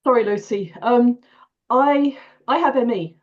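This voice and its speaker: High-voiced older woman, chatty. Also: a little slow, dull audio. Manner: chatty, repeats herself, laughs often. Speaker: participant. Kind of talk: casual storytelling. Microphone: video call.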